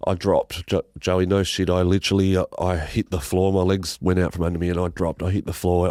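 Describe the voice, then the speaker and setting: An Australian man telling a painful personal story as a podcast guest, halting and emotional, swearing and restarting his sentences. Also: deep voice, steady tone, a little mellow, dry recording, clean studio sound.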